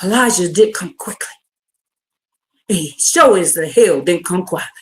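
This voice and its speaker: A woman preaching a livestreamed sermon, fervent and building to shouted exhortation. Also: lowish voice, animated, normal speed.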